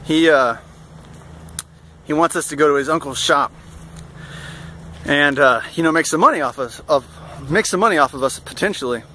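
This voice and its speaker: Young vlogger, fairly high and bright voice, rambling casual storyteller. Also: male voice, normal speed, long pauses, slight background noise. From United States. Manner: rambling, full of fillers and restarts, amused.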